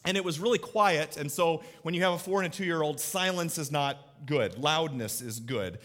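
Speaking at a moderate pace in a slightly bright voice on the high side, this man in his 30s delivers a sermon to a live congregation. As pastor, he keeps it conversational, posing questions to the audience and recounting family stories.

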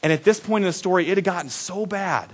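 A man preaching a sermon, telling a childhood story with acted-out voices and big swings between loud and soft. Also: high voice, fast. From Iowa. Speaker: pastor.

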